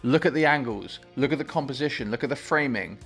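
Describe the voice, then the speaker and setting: Excitable man reacting to a film. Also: medium pitch, fast talker, creaky, soft background music. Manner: excitable, gushing enthusiasm. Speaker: movie reaction host.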